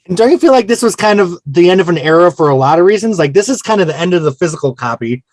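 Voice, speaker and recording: A man's voice: high-pitched, lively intonation, fast, no echo. A man hosting a casual album-discussion podcast, chatty and self-mocking. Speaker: podcast host.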